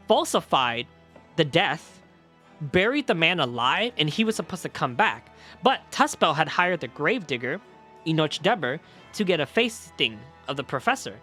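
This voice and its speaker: A man streaming a video game and reacting out loud. His commentary is animated and excitable, and his pitch swings a lot. Faint music plays under his voice. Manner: animated, excitable, swears, laughs.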